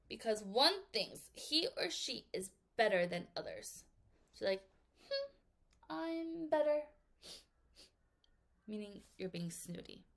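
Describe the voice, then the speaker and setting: A woman teaching English vocabulary to children, reading examples aloud and acting out little scenes in playful voices. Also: on the high side. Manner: lively, acts out little examples in silly voices and whispers. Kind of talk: vocabulary lesson for kids.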